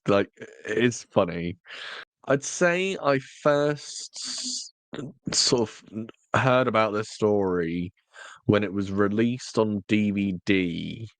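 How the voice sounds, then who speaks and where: A man's voice: lowish voice, a bit bright, no room sound. A man co-hosting a podcast, chatting casually with wry, teasing humor. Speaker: podcast co-host. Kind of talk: casual chat.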